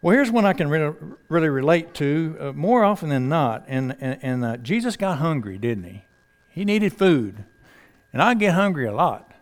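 A man's voice: on the high side, big pitch swings, moderate pace. A man preaching a sermon in a conversational, folksy way, asking the congregation rhetorical questions.

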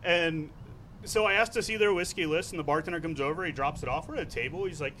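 High-voiced man telling a story. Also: fast, a little hiss or hum, low-quality recording. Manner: animated anecdote teller, quotes people in voices. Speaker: guest. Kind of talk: casual storytelling. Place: studio with several guests.

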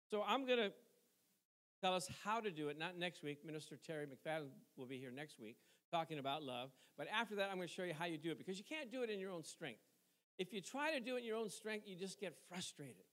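A middle-aged man with a notably high voice preaches a sermon in an easy, conversational way. He keeps asking the congregation questions, waits for them to answer, and chuckles between his points. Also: fairly bright tone. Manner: conversational preaching with call-and-response asides and chuckles. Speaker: pastor.

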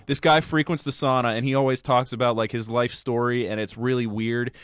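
Crude, animated young man telling a story. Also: medium pitch, fairly quick, smooth, no room sound, clean studio sound. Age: 20s. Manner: crude, animated storytelling with frequent quoted voices. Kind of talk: casual storytelling chat.

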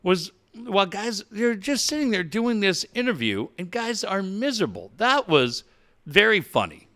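A middle-aged man chats on a talk show, telling stories with energy and a casual curse here and there. His voice sits a bit high and sounds bright and forceful. His pitch swings widely as he gets into a story. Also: moderate pace. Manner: animated storyteller, swears casually. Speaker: radio show co-host. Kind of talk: casual chat.

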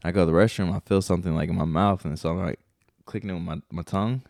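Male podcast co-host, very low voice, rambling storyteller, dry close sound. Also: steady tone, rapid-fire, vocal fry, a little mellow, no echo. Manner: rambling storyteller, heavy swearing, acts out his own reactions. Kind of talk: casual chat.

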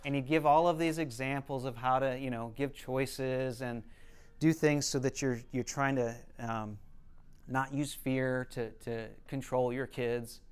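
A man's voice: medium pitch, fairly even intonation, unhurried, clean tone. A man, a counselor, giving a conversational teaching talk, explaining earnestly and telling stories to make his points.

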